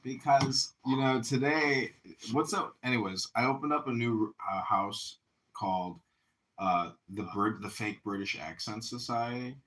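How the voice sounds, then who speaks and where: Argumentative man with a bright voice. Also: medium pitch, a little slow. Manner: argumentative, emphatic. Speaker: chat room guest. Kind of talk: casual chat.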